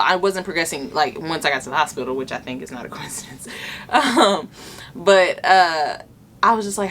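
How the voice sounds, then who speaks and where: A woman's voice: fairly low pitch, a bit bright, slight background noise. A young woman vlogger telling a personal story in a casual, chatty way, earnest and emotional, filling her talk with "like". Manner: chatty, filler-heavy with lots of "like". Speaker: vlogger and mother.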